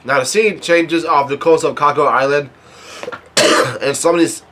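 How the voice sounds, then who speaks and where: Male reaction host, slightly raised pitch, unpolished and hesitant, casual read-through. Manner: halting, full of fillers and restarts; reads quoted dialogue flatly without acting.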